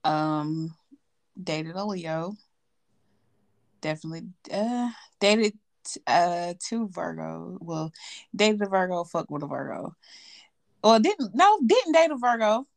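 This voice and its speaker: A woman's voice: on the low side, expressive, takes it slowly, vocal fry, long pauses. Woman, young adult, co-host, casual chat, hesitant, self-correcting, laughs often. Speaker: podcast co-host.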